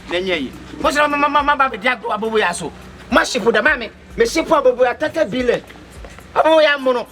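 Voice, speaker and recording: A man's voice: extremely high pitch, sing-song, fast, pushed and bright, faint music behind. A Ghanaian man with a Twi accent in a comedy skit, pleading and stammering with many repetitions. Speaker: comedy skit actor, fake motor rider.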